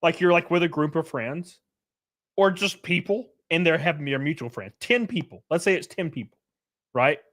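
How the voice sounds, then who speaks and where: Here a man runs his own livestream, delivering a rambling, profane, casual rant. He moves between loud outbursts and quiet muttering and chuckles a lot, speaking at normal speed with a fairly high pitch.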